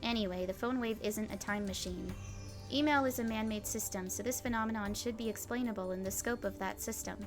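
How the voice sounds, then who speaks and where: A woman's voice: mid-range voice, brisk, over music, lightly acted. A woman voicing a theatrical young male mad scientist in a visual novel. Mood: grandiose. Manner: theatrical, grandiose. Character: eccentric self-styled mad scientist, young man.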